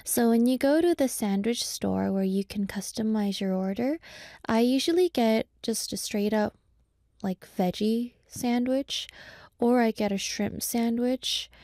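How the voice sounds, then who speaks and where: Woman dj rambling on her radio show, slow easy pace, warm mellow voice. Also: fairly high pitch, dry recording, studio quality. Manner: chatty and rambling, with many "like" fillers. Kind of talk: casual radio show chat.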